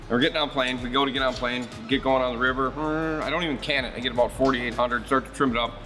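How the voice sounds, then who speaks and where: This is a man with an ordinary, mid-pitched voice, holding forth in easygoing shop talk. He rambles from one story to the next, speaks bluntly and curses without a second thought. A bit of music sits faintly in the background. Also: little pitch movement, quick pace, bright, forceful tone. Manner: blunt, rambling storyteller who swears freely. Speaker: marine service shop host.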